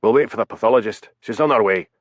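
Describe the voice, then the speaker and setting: Guy doing a gruff glasgow police boss in an audiobook, growly and low, bossy and truculent, dull dry audio. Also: fast, dry recording, close to an everyday voice. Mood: scornful. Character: bullying heavyset male police chief inspector. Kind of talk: audiobook character voice.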